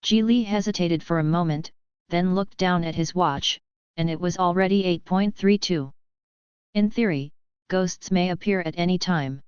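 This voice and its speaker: A woman reading a novel aloud as an audiobook narrator, in an even, measured way. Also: fairly low pitch, smooth, no room sound, dull audio. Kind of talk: scripted narration.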